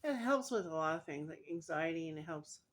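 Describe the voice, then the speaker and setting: A middle-aged woman chatting casually in an eating vlog, giggling often and sounding relaxed and drowsy. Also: low voice, brisk. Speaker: food vlogger.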